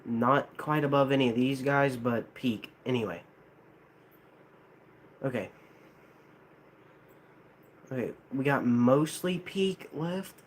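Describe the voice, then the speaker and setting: A man's voice: mid-range voice, slow, long pauses, a little hiss or hum. Rambling young American man streaming. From United States. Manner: rambling, hesitant, many restarts and fillers. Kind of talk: casual live-stream chat.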